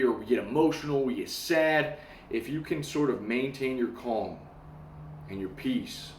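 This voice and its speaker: A young man in a casual storytelling monologue, animated, swearing casually and acting out the voices of people in his story. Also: medium pitch. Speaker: self-help talker. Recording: echoey room.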